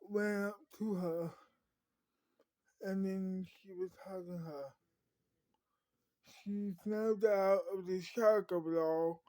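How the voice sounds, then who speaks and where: A woman telling an improvised story in a rambling, halting way with many fillers. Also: lowish voice, mellow, no room sound.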